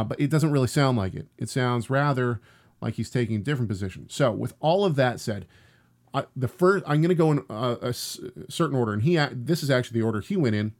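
A mid-pitched male host talks casually through a video clip, often stopping to restart a thought. His delivery is plain and conversational. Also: a little mellow. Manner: hesitant, many restarts and fillers.

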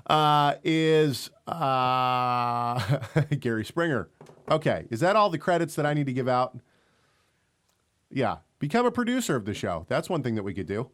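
A man's voice: mid-range voice, lively intonation, unhurried, fairly bright tone. Joking, rambling male radio co-host. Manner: joking, rambling, laughs often. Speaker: co-host of an online radio show. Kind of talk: casual chat.

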